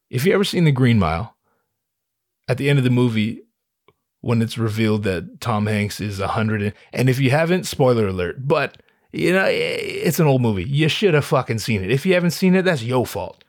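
A man's voice: medium pitch, big pitch swings, a little fast, no room sound, studio quality. A man in his thirties talking in a casual solo monologue, rambling and swearing, with frequent stammered restarts.

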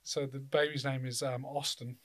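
A young man chats casually, telling loose stories full of swearing and frequent laughter. His medium-pitched voice stays flat in intonation at a moderate pace.

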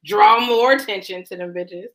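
A woman co-hosting a casual chat, loud and profane, laughing often. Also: medium pitch, normal speed. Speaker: podcast co-host.

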